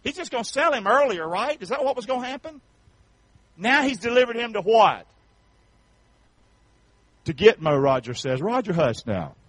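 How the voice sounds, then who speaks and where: A male pastor preaching a sermon in a folksy, colloquial way, leading the congregation in call-and-response and swinging from shouts to hushed tones. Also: high voice, sing-song, normal speed, pauses often, dry recording, low-quality recording.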